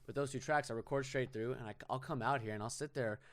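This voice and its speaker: A man's voice: medium pitch, fast talker, no echo. A man hosting a podcast, chatting loosely and enthusiastically about recording gear. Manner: loose and enthusiastic, casual swearing. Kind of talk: casual podcast chat.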